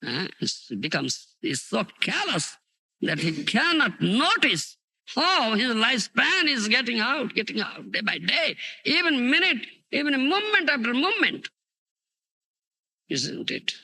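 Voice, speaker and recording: A spiritual teacher with an Indian English accent lectures on scripture in a 1992 recording, his voice very high, a little slow, and slightly rough. He tells stories with great animation and keeps checking in with "you understand?" and "huh?". The dry, close 1990s tape has no echo.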